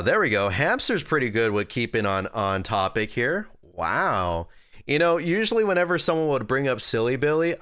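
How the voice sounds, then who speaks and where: A young man chatting casually on a live stream, rambling and joking with his viewers. His pitch swoops up and down constantly, and the sound is dry and close. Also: fairly bright tone, no room sound. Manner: rambling, jokey, talks to chat. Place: at a desk indoors.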